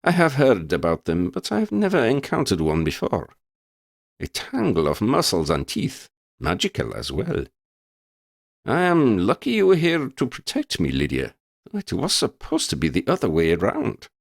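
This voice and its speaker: A deep, hollow, sepulchral professor, as a male narrator puts him on, speaking with a hint of an Italian accent. His measured, formal courtesy rolls out very low and dry, with wide swings in tone. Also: huge pitch swings, gravelly, no echo, full character voice. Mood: amused. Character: deep-voiced male professor, beast-shifter.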